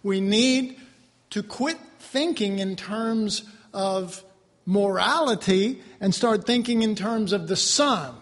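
A man preaching a sermon to his class, animated, swinging between loud outbursts and quiet asides. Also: high-pitched, slow pace, long reverb tail. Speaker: preacher teaching a Bible class.

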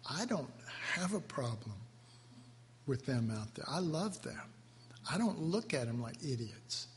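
A male preacher giving a sermon, slow and emotional, drawing out his words as he is moved to his core. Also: medium pitch, big pitch swings, slight background noise. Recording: reverberant hall, faint ambience.

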